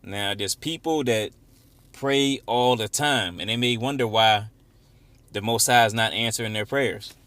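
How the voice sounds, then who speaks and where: A man leading an informal Bible study, reading verses slowly and with emphasis, then explaining them in casual, conversational talk. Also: on the low side, fairly bright tone, dry recording. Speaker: Bible teacher.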